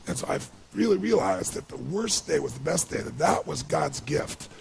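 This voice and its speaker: A middle-aged man giving a motivational speech, telling a personal story in an animated, emotional way. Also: a little high, moderate pace, creaky, slight background noise. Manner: animated, emotional storytelling with rising bursts of intensity. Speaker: motivational speaker.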